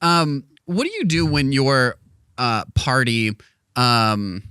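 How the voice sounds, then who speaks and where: A man's voice: mid-range voice, animated, slow, sharp tone, clear, resonant tone, no room sound, studio quality. A man hosting a casual podcast chat, talking loosely with many restarts and frequent laughs. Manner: laughing, rambling, self-interrupting. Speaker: podcast host.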